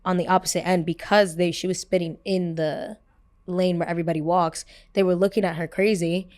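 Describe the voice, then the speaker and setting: A young woman hosting a podcast, telling a personal story in a casual, animated way, swearing freely and filling her talk with "like.". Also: fairly low pitch, brisk. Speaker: podcast host.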